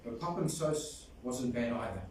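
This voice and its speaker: A man's voice: mid-range voice, expressive, normal speed, darkish tone. A man giving a fond, storytelling eulogy at a funeral. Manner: fond storytelling, sings a folk song. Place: large echoey hall at a funeral. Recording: echoey hall from far off, faint noise.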